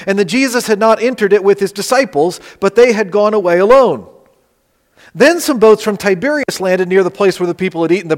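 A male pastor preaches in a slightly high voice that rings with the long reverb of a church hall. He swings from loud, emphatic lines to soft, almost whispered ones. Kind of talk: sermon. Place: church sanctuary.

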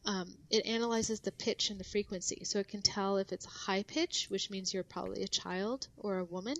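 A woman's voice: mid-range voice, fairly quick, a bit bright. A woman guest on a podcast, explaining things casually with lots of fillers and restarts.

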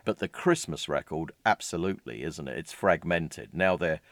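Brief: male podcast co-host, very deep voice, easygoing talk, dry close mic. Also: expressive, normal speed, creaky, a bit bright, dry recording. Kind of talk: casual chat about music records.

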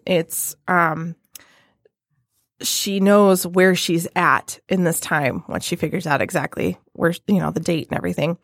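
Woman podcast co-host, lowish voice, loose rambly chat, dry close sound. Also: no room sound. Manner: rambling, many fillers and restarts. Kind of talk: casual chat.

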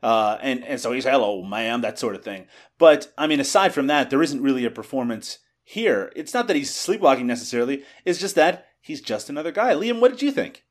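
A man's voice: mid-range voice, sing-song, brisk. A man co-hosting a casual movie review podcast, talking with frequent fillers and restarts. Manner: hesitant, lots of fillers and restarts. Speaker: podcast co-host.

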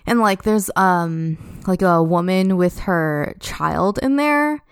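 Young woman, podcast guest, rambling casual storyteller; smooth tone, dry sound. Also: fairly low pitch, animated, slow, dry recording. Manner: chatty, heavy use of "like".

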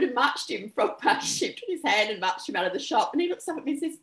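A woman's voice: sits high, very animated, quick pace, few pauses, fairly bright tone. A middle-aged woman from New Zealand with a New Zealand accent, telling anecdotes in casual chat. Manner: chatty anecdotal storytelling. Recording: roomy echo.

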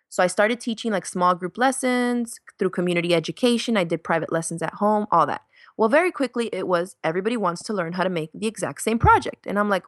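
A woman's voice: medium pitch, fast talker, dry recording, studio quality. A woman in her thirties, a guest on a podcast, chatting casually and acting out quotes as she tells stories. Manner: chatty storyteller, acts out quotes with laughs. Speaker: podcast guest, sewing YouTuber. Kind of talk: casual interview chat.

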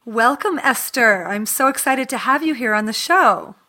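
A woman's voice: fairly high pitch, lively intonation, normal speed, pushed and bright. A woman hosting an interview show who asks long, effusive questions with eagerness. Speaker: podcast host. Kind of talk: interview and scripted intro.

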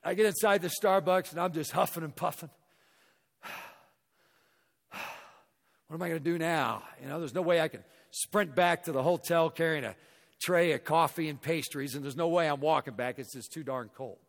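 A middle-aged man from Missouri giving a motivational talk to a hall audience, telling an animated story and acting out the dialogue. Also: a little high, normal speed, gravelly, pauses often. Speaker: guest speaker. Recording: echoey hall reverb.

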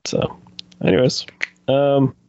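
A man's voice: medium pitch, steady tone, slow, vocal fry, a little mellow, no echo, highs cut off. A man chatting casually on a podcast, rambling with lots of fillers and laughing as he goes. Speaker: podcast co-host. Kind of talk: casual chat.

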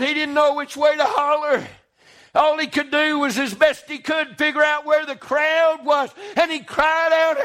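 A male preacher with a very high-pitched voice. He preaches with fervour, swinging between hushed passages and loud, shouting bursts. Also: steady tone, a little slow. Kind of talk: sermon.

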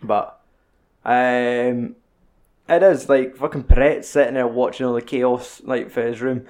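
A man's voice: mid-range voice, fairly even intonation, measured pace, darkish tone. A young Scottish man in casual, sweary, joking chat about a film. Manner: sweary, jokey banter.

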